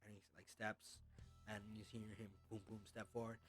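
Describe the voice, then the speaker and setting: A man's voice: fairly low pitch, completely flat delivery, normal speed, a bit bright, soft background music. A man narrating as game master in a loose, casual way with lots of fillers.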